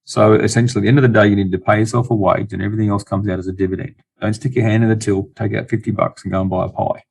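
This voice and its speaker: A man's voice: fairly low pitch, little pitch movement, rapid-fire, vocal fry, darkish tone, husky. A middle-aged Australian man, an investor guest in a casual interview, talking bluntly with many restarts and dry jokes.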